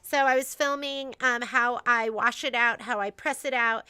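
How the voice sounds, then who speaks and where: A woman with a high, bright and smooth voice chats through a store livestream. She rambles, full of fillers and restarts, and the sound is close and dry. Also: fairly even intonation, normal speed, no room sound. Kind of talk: casual livestream chat.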